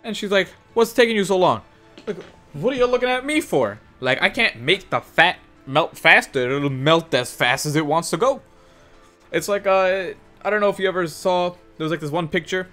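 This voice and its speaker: A young man casually telling a work story for his gaming channel, animated and cursing, acting out the other people in shifting voices. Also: high voice, moderate pace. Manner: animated, swears, acts out quotes in shifting voices. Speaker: gaming youtuber. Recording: faint music underneath.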